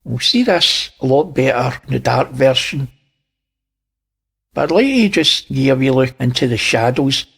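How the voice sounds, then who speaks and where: Slow gravelly Scottish man. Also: mid-range voice, animated, fairly bright tone. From Scotland. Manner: slow, pointing things out, wry asides. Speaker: channel host. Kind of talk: narrating image analysis.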